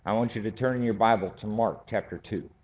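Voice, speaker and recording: A man teaching a Bible study class, speaking slowly and deliberately and building to emphatic points. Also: on the low side, a little mellow. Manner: slow, deliberate, rising to emphatic. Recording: dull lo-fi recording.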